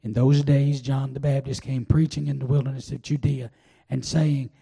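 An older man preaching a sermon, telling a personal testimony in a folksy, drawn-out way. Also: medium pitch, level tone, gravelly, warm tone, husky. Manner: folksy storytelling, drawn-out pauses. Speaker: pastor.

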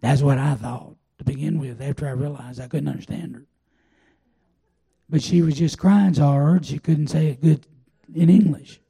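An older man preaching a sermon, telling a personal testimony in a folksy, drawn-out way. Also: on the high side, steady tone, gravelly, mellow, breathy edge. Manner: folksy storytelling, drawn-out pauses. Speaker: pastor.

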